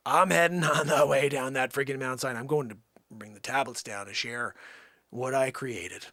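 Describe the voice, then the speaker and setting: A man hosting a livestream, telling a rambling comic story and swinging from low mutters to loud outbursts. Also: fairly even intonation, normal speed, no echo, clean studio sound. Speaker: livestream host.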